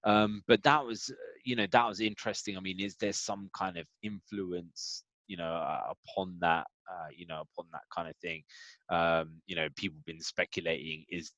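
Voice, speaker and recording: Guy rambling on a podcast, real deep voice, dry mic. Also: fairly even intonation, moderate pace, a bit bright, no echo. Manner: rambling, lots of fillers and "man". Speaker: podcast co-host. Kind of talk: casual chat.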